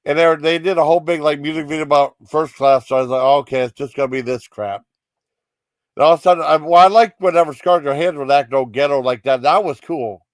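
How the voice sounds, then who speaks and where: A man's voice: on the high side, steady tone, quick pace, hardly any pauses, dry recording. Rambling, giggly man reviewing comedy. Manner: rambling, with many fillers and giggly asides. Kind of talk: casual chat.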